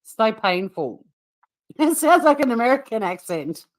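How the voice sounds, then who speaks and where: A middle-aged woman with an Australian accent hosting a casual livestream, blunt and quick to swear, often breaking into laughter as she chats. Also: fairly high pitch, very animated. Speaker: livestream host. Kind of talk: casual livestream chat reacting to a clip.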